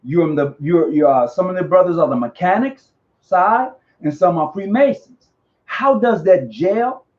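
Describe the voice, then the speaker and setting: Man, host, high voice, animated, slangy, dull lo-fi recording. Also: measured pace. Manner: animated, slangy, repeats himself. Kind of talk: casual live online interview. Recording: dull lo-fi audio.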